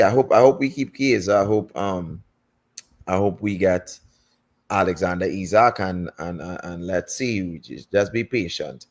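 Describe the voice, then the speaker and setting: A man co-hosting a football fan stream, talking casually in halting, rambling sentences. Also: sits low. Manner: rambling, halting, with many fillers and restarts.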